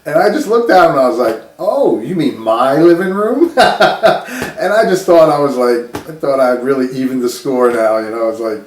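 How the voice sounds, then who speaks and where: A man's voice: medium pitch, brisk, echoey room, a little hiss or hum. A man casually telling a personal story, laughing often and restarting his sentences.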